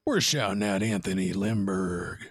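A man's voice: sits low, a little slow, slightly rough, dry recording. A man co-hosting a podcast in casual chat, joking and hamming it up, close on a studio microphone. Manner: jokey, hammy. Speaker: podcast co-host.

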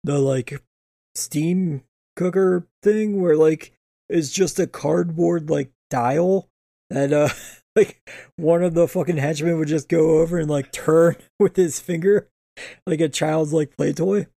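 Gravelly, mellow-voiced man chatting casually. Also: a little high, slow, no echo, studio quality. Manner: laid-back, crude, laughing. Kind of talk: casual chat reviewing a TV episode.

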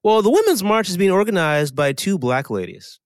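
Sardonic man with a very lively pitch. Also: normal speed, no room sound. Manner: sardonic, rambling, sudden pitch swings. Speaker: podcast co-host. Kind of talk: casual opinion chat.

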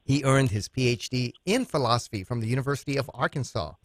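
A man's voice: mid-range voice, fast talker, no echo, studio quality. Earnest male radio host. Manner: earnest, tells anecdotes with laughter. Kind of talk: radio interview.

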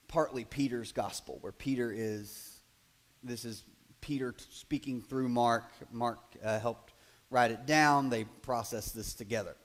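A man preaching a sermon in a conversational way, building to loud, emphatic passages and acting out quoted voices. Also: medium pitch. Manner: acts out quoted voices in asides. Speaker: pastor.

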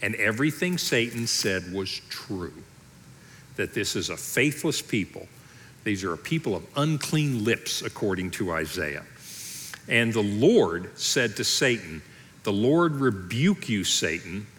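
A man's voice: fairly low pitch, big pitch swings, measured pace, a bit bright, long reverb tail. A man preaching a sermon as pastor, in a conversational way, briefly voicing people from the story he tells. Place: church auditorium.

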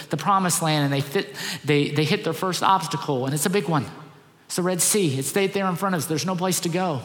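A man's voice: high-pitched, a bit bright. Emphatic male pastor in echoing hall. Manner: earnest, emphatic preaching with repeated phrases. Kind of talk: sermon.

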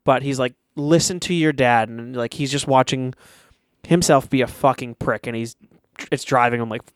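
A man's voice: mid-range voice, moderate pace, no room sound. A young man chatting casually, retelling a movie with lots of swearing and acted-out quotes. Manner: animated, swears often, acts out quotes.

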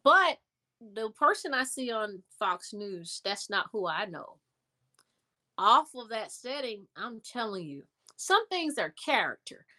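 A woman telling a story in a casual interview, animated and acting out the voices of people she quotes. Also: on the high side, slow. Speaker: interview guest.

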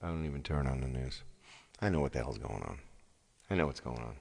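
A man's voice: very deep voice, animated, brisk, gravelly, darkish tone. A man singer live-streaming to his viewers, chatting casually and rambling, often repeating his phrases. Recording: long hall reverb, faint music behind.

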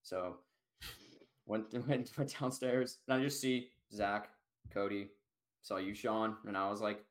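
A man's voice: on the low side, fairly even intonation, unhurried. Laid-back young man on a podcast. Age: young adult. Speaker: podcast co-host. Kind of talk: casual chat.

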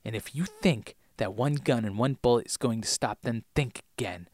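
Brief: man putting on a tough, grim woman, quiet and clipped, dry. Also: normal speed, no room sound, close to an everyday voice. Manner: low, clipped and threatening. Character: hardened grim woman leading survivors.

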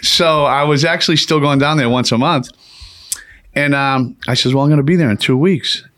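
A man's voice: medium pitch, moderate pace, a bit bright, no echo. A man hosting a podcast, telling a long story in a casual, rambling way, swearing and laughing often. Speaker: podcast host.

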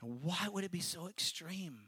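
Reading scripture aloud, this preacher explains it with earnest chattiness and keeps checking in with his audience in a relaxed sermon. His high, husky voice is expressive and unhurried, with a sharp tone.

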